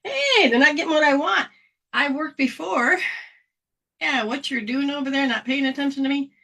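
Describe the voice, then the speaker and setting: Whiny, demanding newborn baby, as a woman puts it on; high, squeaky and fretful, repeating its complaints. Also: animated, moderate pace, bright, forceful tone, exaggerated voice. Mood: indignant.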